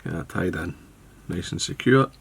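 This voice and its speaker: A man giving a casual step-by-step fly tying demonstration, relaxed and thinking aloud as he works with his hands. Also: sits low, moderate pace, gravelly, husky.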